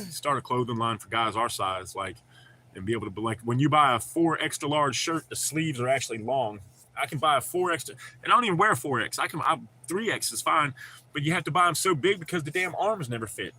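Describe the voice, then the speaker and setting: A man's voice: on the high side, animated, a little fast, bright, forceful tone, husky. A man hosting a livestream, chatting casually with viewers, laughing often and swearing freely. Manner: profane, laid-back, laughs often. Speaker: livestream host.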